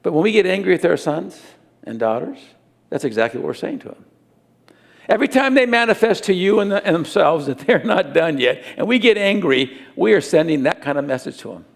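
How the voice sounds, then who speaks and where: Man, middle-aged pastor, sermon, high voice, gravelly edge, animated delivery. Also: brisk. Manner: animated preaching with acted-out scenes.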